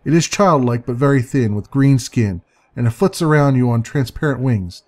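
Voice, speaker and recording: A man's voice: mid-range voice, lively intonation, normal speed, a little mellow. A man reading a text adventure aloud and musing over his choices, hesitant and chuckling now and then. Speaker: let's play narrator.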